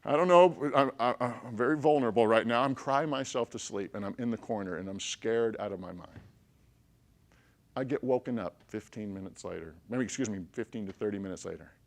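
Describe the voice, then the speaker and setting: A man telling a personal story to a group of listeners. He talks in an animated way, swinging between loud bursts and hushed stretches and checking in with his listeners as he goes. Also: fairly low pitch, brisk. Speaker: motivational speaker.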